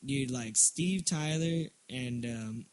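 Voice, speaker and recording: A man's voice: mid-range voice, takes it slowly. A young man co-hosting a casual comedy podcast, joking crudely and talking over his partner. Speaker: podcast co-host.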